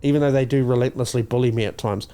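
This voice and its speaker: A man's voice: mid-range voice, fairly even intonation, fast, mellow. A man from New Zealand, co-hosting a comedy podcast, ranting and joking crudely with lots of swearing. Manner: profane, ranting, slips into mock voices. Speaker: podcast co-host.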